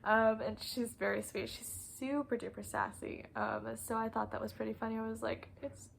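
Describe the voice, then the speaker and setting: Chatty young woman, slightly gravelly voice. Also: fairly high pitch, flat delivery, moderate pace, a little hiss or hum, rough recording. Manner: chatty, laughs often, acts out kids' voices. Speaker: preschool teacher. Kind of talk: casual storytelling vlog.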